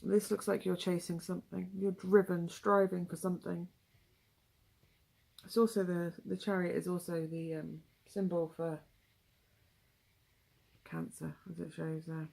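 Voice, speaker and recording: A woman's voice: on the low side, little pitch movement, unhurried, gravelly, long pauses, darkish tone. A young woman with a West Country English accent giving a casual, rambling tarot reading, full of asides and ums. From England. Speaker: tarot reader.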